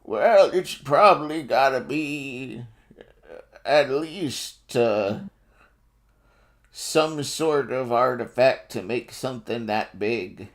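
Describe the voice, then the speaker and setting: A man voicing a wrinkly old man, a shape-shifted tanuki girl, in a tabletop game, with slow, drawling speech. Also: medium pitch, animated. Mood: musing.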